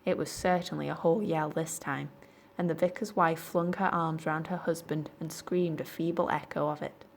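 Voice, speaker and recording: A woman reading a children's storybook aloud in clear, measured narration. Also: low-pitched, fairly even intonation, a little hiss or hum. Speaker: library storyteller.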